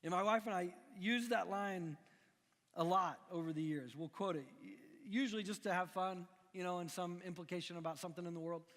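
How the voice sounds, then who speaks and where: A middle-aged man from Missouri preaches with a high, lively voice, talking to the room like a friend and often restarting his sentences. A long echo rolls through the hall behind him. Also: a little fast. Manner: animated, conversational, frequent restarts. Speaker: pastor. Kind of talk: sermon. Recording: long echoing hall reverb.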